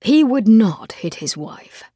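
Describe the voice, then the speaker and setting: A weary middle-aged royal father, soft-hearted and eager to please, who holds his ground only half-heartedly, as a woman narrator puts him on. His voice is slightly husky and dry and close to the mic, in the manner of an audiobook. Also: on the high side, sing-song, slow, no room sound, heavily acted. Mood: apologetic. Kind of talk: audiobook character voice.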